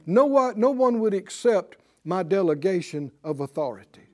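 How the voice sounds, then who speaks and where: A man preaching a sermon in a high voice. His pitch leaps and swoops as he acts out little scenes. He calls out to the congregation and waits for them to answer. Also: normal speed. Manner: animated storytelling, acting out dialogue; call-and-response with congregation.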